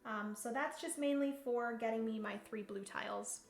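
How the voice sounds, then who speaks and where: A woman's voice: on the high side, normal speed, echoey room. A woman talking through a solo board game on a live stream, thinking aloud as she counts pieces and reads rules, and chatting playfully with viewers. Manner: greets chat viewers playfully.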